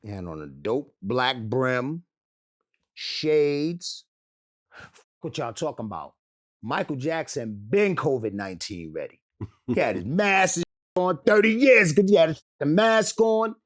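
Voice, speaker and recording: A man's voice: fairly high pitch, big pitch swings, slow pace. A man telling a wild story as an interview guest, swearing often, laughing and acting out the voices of the people involved. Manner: profane, laughs through his story, acts out quotes. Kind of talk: animated storytelling.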